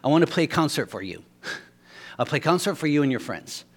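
An eager young Cuban musician, as a preacher puts him on, speaking broken English with a Cuban Spanish accent in short, clipped phrases. The delivery is quick, and the voice sits a little lower than the preacher's own. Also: male voice, big pitch swings.

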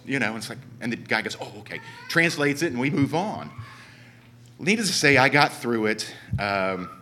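A man's voice: mid-range voice, pushed and bright, slight background noise. A man with a Southern Ohio accent telling a long, rambling story from the church pulpit in run-on sentences. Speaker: church member giving a talk. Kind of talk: sermon storytelling. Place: church sanctuary.

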